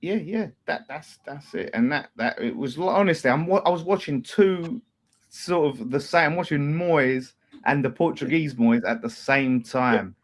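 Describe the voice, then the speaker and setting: Reading out viewer super chats after a match, a chatty fan channel host laughs often throughout the casual conversation. His voice is a little high and his pace measured.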